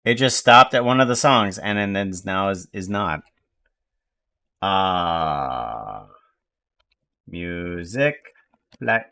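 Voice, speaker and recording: American guy on stream, slow rambly muttering, kinda bright voice, lowish. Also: lively intonation, vocal fry, smooth. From United States. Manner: mutters to himself while fixing software, slow and rambling. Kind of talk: casual live-stream chatter.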